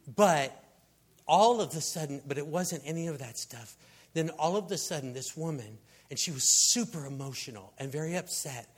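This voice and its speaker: A man preaching a sermon, telling the story in an animated, conversational way and acting out the people in it. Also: on the high side, normal speed, slightly rough. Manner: animated, acts out quoted voices, conversational asides.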